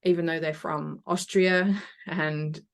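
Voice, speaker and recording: A woman's voice: lowish voice, fairly even intonation, slow pace, gravelly. A woman guest in a casual podcast interview, talking in a chatty, enthusiastic way and laughing often.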